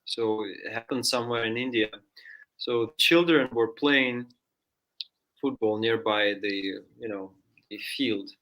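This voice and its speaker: Bright-voiced man telling a story. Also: mid-range voice, a little slow. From Russia. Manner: chatty, many fillers, acts out voices in story. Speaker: guest storyteller. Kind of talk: casual spoken storytelling. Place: studio.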